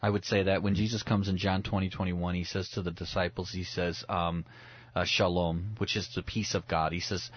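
A man's voice: low-pitched, little pitch movement, brisk, slightly rough, dull audio. A man speaking as a pastor guest on a radio talk show, earnest and reflective, often restarting his words as he thinks aloud. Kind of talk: radio talk about the Bible.

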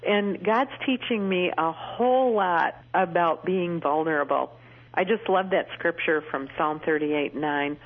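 Woman, middle-aged, earnest storyteller, radio guest, lower voice, phone-line sound. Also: measured pace. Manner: earnest, storytelling, warm humor. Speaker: radio interview guest, Christian speaker.

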